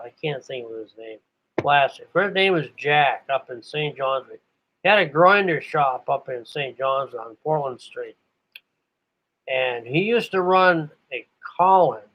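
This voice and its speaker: An older man from New England rambles through old memories with a slightly raised voice, often stopping to hunt for names. The recording sounds dull and lo-fi. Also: fairly high pitch. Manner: meandering, searches for names aloud. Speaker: radio operator. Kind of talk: rambling reminiscence. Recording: muffled lo-fi recording.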